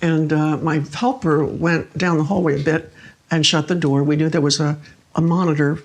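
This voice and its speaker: An older woman, a guest, telling personal stories in an expressive conversational way and acting out the words she quotes. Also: low voice, moderate pace. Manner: expressive, acts out quoted speech. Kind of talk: conversational storytelling.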